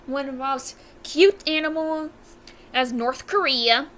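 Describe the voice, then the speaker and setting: She speaks slowly in a high-pitched, slightly bright voice. As a young American reviewing a video, her casual ranking commentary is blunt and exasperated, punctuated by frequent self-corrections.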